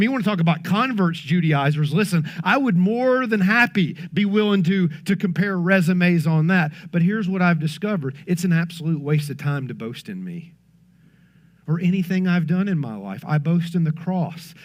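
A man with a high voice preaches earnestly to his congregation. He drops into quiet, hushed stretches between emphatic lines and talks to the listeners directly in casual asides. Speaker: pastor. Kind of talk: sermon.

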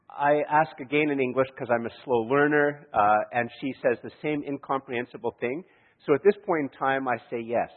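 Man, preacher, husky voice, long hall echo, tinny phone-like sound. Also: medium pitch. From Canada. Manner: storytelling, chuckling, many restarts. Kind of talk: sermon with anecdotes.

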